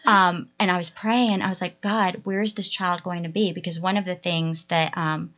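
A woman's voice: fairly low pitch, steady tone, normal speed, fairly bright tone. A woman, a guest and adoptive mother, telling a heartfelt personal story in a chatty way, often quoting herself. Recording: dull lo-fi podcast recording.

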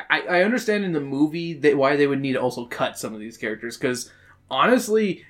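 A man's voice: on the high side, animated, normal speed. A man co-hosting a podcast in casual chat, rambling with lots of fillers, restarts and casual swearing. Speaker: podcast co-host.

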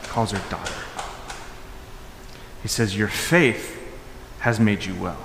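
A male pastor preaching a conversational sermon in a church hall, his voice ringing with a long reverb and a faint room hum behind it. He moves between raised, high-pitched emphasis and soft, low asides. His delivery is informal, full of restarts and fillers. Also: slow, vocal fry.

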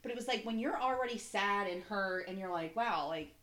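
A woman's voice: mid-range voice, a little fast, fairly bright tone. A young woman co-hosting a podcast in casual chat, candid and rambling, with plenty of fillers and swearing. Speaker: podcast co-host.

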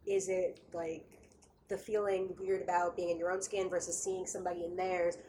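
A woman co-hosting a casual book discussion, chatty and animated, with plenty of filler words. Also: lowish voice, moderate pace, slight background noise. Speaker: podcast co-host.

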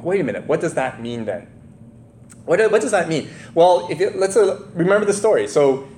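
Over slight background noise, a pastor with a medium-pitched, somewhat dark voice delivers a sermon in a casual, conversational way. He retells a story from scripture with many fillers and restarts, frequently checking in with his audience.

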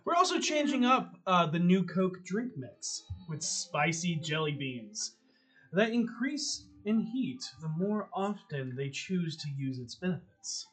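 Husky male game master narrating. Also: high-pitched, sing-song, fairly bright tone. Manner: descriptive, measured storytelling.

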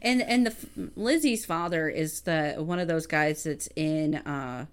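A woman in casual chat about a movie, laughing easily and chiming in with quick agreement. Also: sits low, clean tone.

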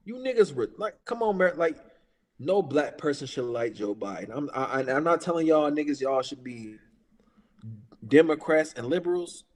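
A man in his thirties rants about politics in casual talk, his somewhat high voice moving at a moderate pace with lively intonation. The big-room sound carries his heated, profane speech as he repeats his points with force.

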